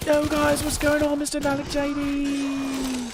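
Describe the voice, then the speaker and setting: A man's voice: extremely high pitch, completely flat delivery, a little slow, noisy background, pitched above the performer's own voice. An American man doing an exaggerated, upbeat impression of a wimpy English man in a mock English accent. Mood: mock-cheery.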